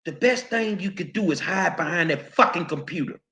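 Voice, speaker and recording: A man's voice: high-pitched, expressive, moderate pace, bright, forceful tone. A man hosting his own show, delivering heated, profane commentary straight at his viewers, confrontational and stumbling over repeated words. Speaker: show host.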